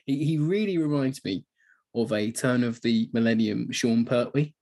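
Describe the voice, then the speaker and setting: A man's voice: medium pitch, normal speed, darkish tone. A man co-hosting a film podcast, chatting casually, laughing often and acting out lines from the film. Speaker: podcast co-host. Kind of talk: casual film review chat.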